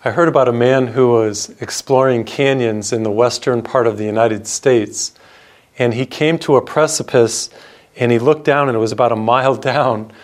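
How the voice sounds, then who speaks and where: A middle-aged man, a priest, preaching a radio sermon in an earnest storytelling way, repeating phrases for emphasis. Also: mid-range voice.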